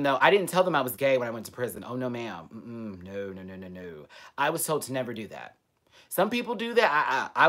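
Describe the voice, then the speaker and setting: A man vlogging live to his viewers, telling a personal story in an outspoken way with lots of swearing. He talks straight to the audience, swinging from loud emphasis to quiet asides. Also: fairly high pitch. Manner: frequent profanity and direct address to viewers. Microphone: webcam or computer mic on a live stream.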